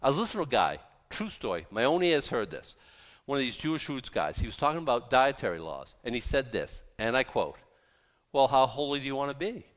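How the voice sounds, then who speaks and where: A man preaching a sermon in an animated, mocking way, full of rhetorical questions. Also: mid-range voice, fairly quick, long reverb tail. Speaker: pastor.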